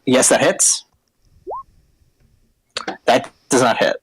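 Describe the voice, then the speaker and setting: A man running a tabletop game as dungeon master, talking haltingly with many ums and uhs. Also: medium pitch, a little hiss or hum, low-quality recording.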